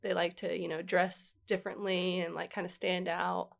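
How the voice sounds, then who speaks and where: A woman's voice: fairly low pitch, little pitch movement, normal speed, gravelly. A young woman, a guest in a casual podcast chat, talking in a rambling way with many fillers. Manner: chatty, lots of likes and ums, giggly.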